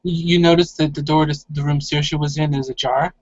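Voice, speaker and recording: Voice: mid-range voice, steady tone, brisk, no echo. A game master narrating scenes and calling for dice rolls in a tabletop role-play game. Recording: dry, dull lo-fi audio.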